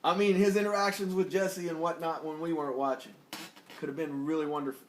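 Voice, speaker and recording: A laid-back man co-hosting a casual TV review, rambling along with easy jokes. His voice sits a bit high for a man. The room is echoey, with a faint hiss underneath. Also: fairly even intonation, quick pace. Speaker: podcast co-host.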